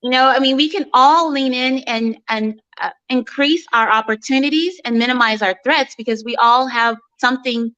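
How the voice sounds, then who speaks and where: A woman guest in casual chat, talking warmly with many fillers and restarts and frequent laughs. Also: high-pitched, normal speed, hardly any pauses, dull audio.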